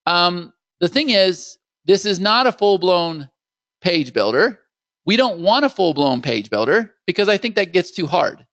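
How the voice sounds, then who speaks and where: A man hosting a live screen-share software demo, upbeat and salesy, talking straight to viewers as "guys" and acting out how clients would react. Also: sits high, very animated, measured pace, no room sound, dull audio. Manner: acts out clients' reactions in quoted voices.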